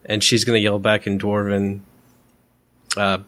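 A man's voice: lowish voice, monotone, unhurried, fairly bright tone. A man playing in a tabletop game who describes his character's actions in a rambling way, full of likes and uhs. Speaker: player. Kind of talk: casual tabletop game chat.

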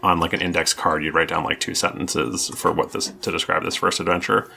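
A man's voice: low voice, little pitch movement, a little fast, vocal fry, bright, forceful tone. A man running a tabletop game as game master, explaining the rules in a rambling way with many restarts. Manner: rambling, lots of ums and restarts.

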